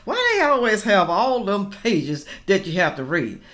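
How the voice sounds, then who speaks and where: A woman giving a casual reaction commentary, talking straight to her viewers in an animated, ranting way and laughing between remarks. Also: mid-range voice, a little slow. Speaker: political reaction vlogger.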